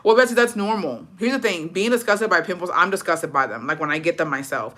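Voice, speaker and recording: A woman's voice: lowish voice, fairly quick, fairly bright tone. A woman in her thirties telling a story on a livestream and reading viewer comments, in a blunt, profane, slangy style that drops in the odd Spanish word.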